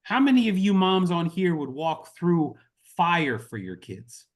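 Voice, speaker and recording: A man's voice: fairly high pitch, big pitch swings, a little slow. Earnest impassioned man rallying a team. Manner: earnest, impassioned, repeats "y'all". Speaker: network marketing team leader. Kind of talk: motivational talk on a group call.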